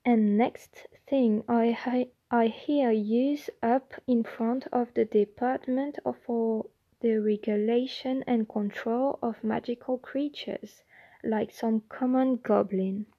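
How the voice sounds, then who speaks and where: A woman voicing Winky, a timid squeaky house elf. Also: fairly even intonation, slow pace, lo-fi sound. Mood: anxious deferential. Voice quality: squeaky, quivering. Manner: deferential, broken grammar, constant "sir". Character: timid anxious female house elf servant.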